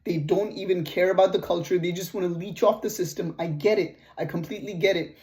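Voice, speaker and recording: A man's voice: high voice, steady tone, brisk, darkish tone. A man with a Canadian accent telling a personal story in a casual vlog, blunt and profane. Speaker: vlogger.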